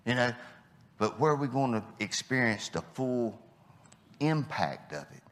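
A man preaching a sermon, impassioned, swinging between loud declarations and hushed low lines. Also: very animated, a little slow.

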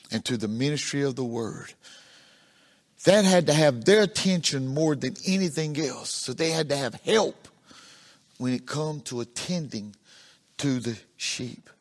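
A male pastor preaching a sermon in a sing-song cadence, repeating words as he builds a point and dropping low and soft at the end of phrases.

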